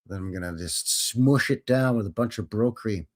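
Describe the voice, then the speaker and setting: A man's voice: fairly low pitch, normal speed, lightly acted. A man voicing a vain mustachioed man who is musing about landing a film role.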